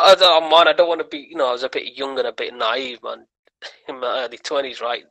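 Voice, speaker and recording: A man's voice: medium pitch, brisk, low-quality recording. A man, a comedian guest on a podcast telling a story and acting out the voices of the people in it. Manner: animated, acts out quoted voices.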